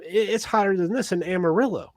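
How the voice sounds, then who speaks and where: A man's voice: high voice, brisk, dry recording, pitched above the performer's own voice, lightly acted. Brief: a cocky, raised-voice dead Texan, done by a man telling a joke. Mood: boastful.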